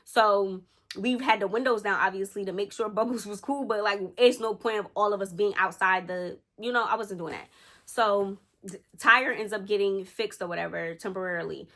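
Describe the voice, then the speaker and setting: A woman vlogger telling a personal story in a chatty, animated way, slangy and talking straight to her viewers. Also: mid-range voice, normal speed. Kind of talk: casual storytime.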